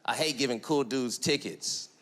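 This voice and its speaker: A comedian doing a laid-back Canadian male traffic cop in stand-up storytelling, with a slow drawl. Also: medium pitch, fairly bright tone, voice pushed down, close to an everyday voice. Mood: easygoing.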